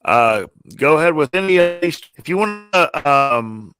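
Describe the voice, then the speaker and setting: Guy hosting from his phone on a video call, crisp clear voice, halting, keeps restarting. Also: a little high, lively intonation, fairly bright tone, dry recording. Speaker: podcast host. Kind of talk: casual chat over a video call.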